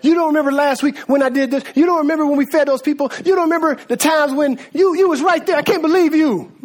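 A preacher acting out Jesus as exasperated and scolding, in quick streetwise talk. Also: high voice, voice pushed up, lightly acted. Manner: streetwise, rapid complaining.

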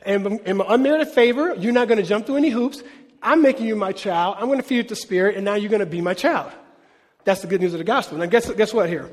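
A pastor with a very high-pitched voice delivers a fast, lively sermon, keeping it conversational and tossing questions back to his congregation. The large church hall gives his voice a long reverb.

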